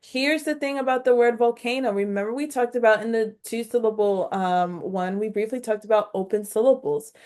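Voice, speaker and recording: A woman with a fairly high, slightly mellow voice teaches phonics on video. Talking to her learners directly, she keeps a slow, instructive pace, sounds out every syllable, and encourages them throughout.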